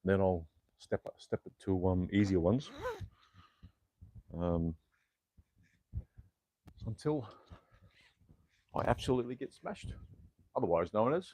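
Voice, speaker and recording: Rambling Australian man, low voice. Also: animated, takes it slowly, pauses often, darkish tone, breathy edge, no room sound. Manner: rambling, filler-heavy, mild swearing. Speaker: fitness livestreamer. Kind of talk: casual live-stream chat while exercising. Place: at home, indoors. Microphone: clip-on mic that falls off at times.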